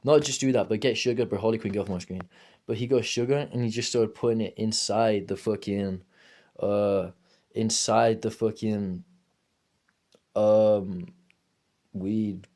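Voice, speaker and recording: A young man with a somewhat low voice tells a long, rambling story while playing a game. He is loose and casual, swears freely, and keeps dropping "bro" into every other line. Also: fairly even intonation, measured pace, pauses often, a little mellow. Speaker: gaming streamer.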